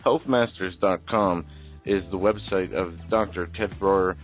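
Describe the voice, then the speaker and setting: Low voice guy hosting talk radio, measured, tinny with soft music under. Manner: measured, announcing breaks. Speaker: radio co-host. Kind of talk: talk radio host segment. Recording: tinny phone-like sound with faint music.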